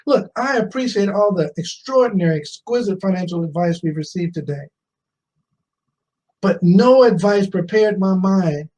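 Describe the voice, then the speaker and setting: This is a motivational storytelling speech from a conference, recorded with poor audio. The speaker, a man in his fifties with a high-sitting voice and a darkish tone, shares a personal story, puts questions to the crowd, and repeats key phrases to drive them home.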